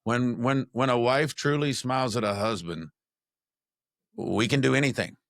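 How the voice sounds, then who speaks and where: A man's voice: medium pitch, moderate pace, a bit bright, dry recording, studio quality. A man hosting a podcast, speaking in a heartfelt, reflective way. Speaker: podcast host. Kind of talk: conversational interview.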